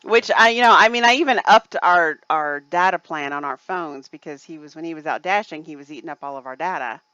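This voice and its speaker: A woman's voice: sits low, a little fast, bright, forceful tone, no echo, dull audio. A woman chatting casually on a livestream, rambling with lots of fillers. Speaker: livestream co-host.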